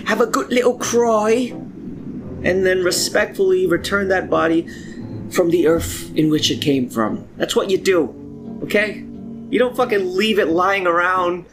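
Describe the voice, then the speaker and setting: A man hosting a comedic movie commentary, ranting in an exasperated, profane way. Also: sits high. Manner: profane, exasperated, fast-talking. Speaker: host.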